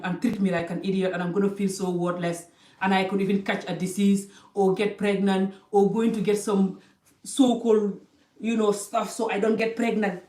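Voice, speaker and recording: A woman's voice: medium pitch, warm tone. Woman lecturing hard, keeps repeating herself, broken-ish english, sounds far off in a roomy echo. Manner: emphatic, preachy, repeats phrases for stress. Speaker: vlogger giving life advice. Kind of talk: impassioned monologue to camera. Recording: echoey room, voice a bit distant from the mic.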